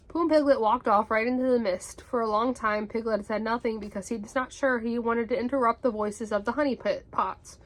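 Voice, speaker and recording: A young woman in her twenties reads a bedtime story aloud. Her voice is high and soft, with a gentle storybook pace. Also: a little fast, hardly any pauses. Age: 20s.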